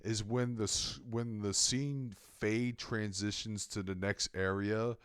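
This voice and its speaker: Low-voiced man, blunt co-host who swears a lot, dry close mic. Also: fairly even intonation, slow pace, clean tone, no room sound. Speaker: podcast co-host. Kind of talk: casual chat.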